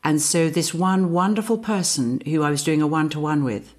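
A woman voice teacher giving a slow, deliberate, reflective workshop talk. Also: low-pitched, a little mellow.

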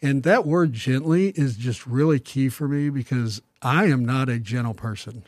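A middle-aged man talking about faith in an earnest, reflective way, pausing to restart his sentences. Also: mid-range voice, darkish tone, dry recording. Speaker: podcast guest. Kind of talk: casual Bible discussion.

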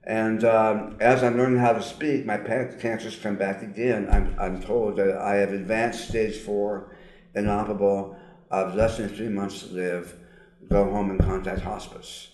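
A man's voice: fairly low pitch, little pitch movement, a little mellow. Older man, altered diction, roomy sound. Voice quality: slightly altered articulation from tongue surgery. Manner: earnest, emphatic, with frequent pauses and fillers. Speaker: guest, psychologist. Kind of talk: personal testimony in an interview.

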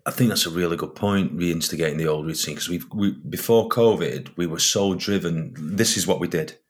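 A man with a Northern English accent hosts a relaxed podcast chat. He rambles in a low voice and often circles back over the same phrases. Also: brisk. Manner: rambling, repeats his phrases. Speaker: podcast host. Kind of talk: casual chat.

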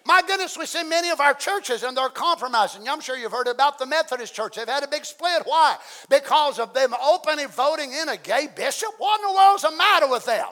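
A middle-aged man preaching a fiery sermon as pastor, swinging from hushed asides to loud shouting. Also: extremely high pitch, brisk.

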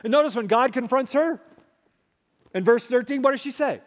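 A man preaching a sermon as a pastor, emphatic, swinging between loud and hushed. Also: extremely high pitch, normal speed. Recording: long hall reverb.

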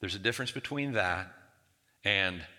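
In a church hall, a male preacher delivers a sermon, putting on a raised, whiny voice to quote biblical figures' complaints. He sounds expressive and sharp at normal speed, with the long reverb of the hall around him.

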